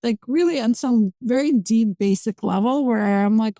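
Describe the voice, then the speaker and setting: Woman in her forties from Azerbaijan as interview guest, mellow tone, halting speech full of fillers. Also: fairly high pitch, no room sound. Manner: hesitant, many fillers and restarts. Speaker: physician-scientist guest. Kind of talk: conversational interview.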